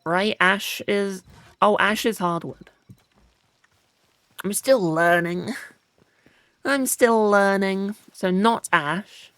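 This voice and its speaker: A woman's voice: mid-range voice, extremely slow, pauses often, a bit bright, no room sound. Brit lady chatting through a game, jokey and self-mocking, takes her time. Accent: British. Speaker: gaming channel host. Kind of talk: let's play commentary.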